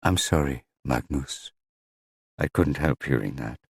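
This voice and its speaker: A man voicing a firm, caring woman who gently urges her partner on, in an audiobook. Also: extremely low pitch, lively intonation, measured pace, slightly rough, dry recording, studio quality, heavily acted. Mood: coaxing.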